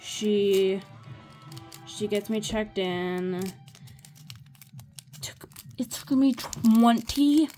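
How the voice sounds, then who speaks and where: A woman's voice: medium pitch, darkish tone, slight background noise. A young woman telling a rambling personal story in a casual chat while crafting, often restarting her sentences. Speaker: vlogger.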